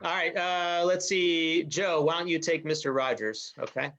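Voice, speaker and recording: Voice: mid-range voice, steady tone, normal speed, a bit bright, lo-fi sound. An improv instructor directing the group casually over a video call.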